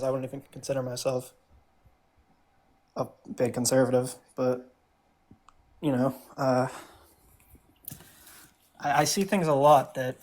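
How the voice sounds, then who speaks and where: A man's voice: medium pitch, a little mellow. A young man in a mid-range voice, defending his view as a guest in a live debate. He stumbles often, restarts his sentences and leans on fillers as he talks. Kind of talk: casual debate on a call.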